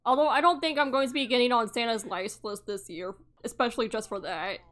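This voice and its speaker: A woman giving casual gameplay commentary, excitable and cursing freely, often laughing and shouting in mock outrage. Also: on the high side, a little fast. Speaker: gaming YouTuber.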